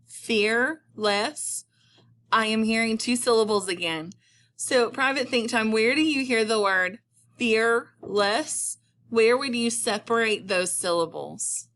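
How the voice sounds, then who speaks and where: A woman teacher giving a patient phonics lesson, stretching words out slowly for her students. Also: on the high side, a bit bright.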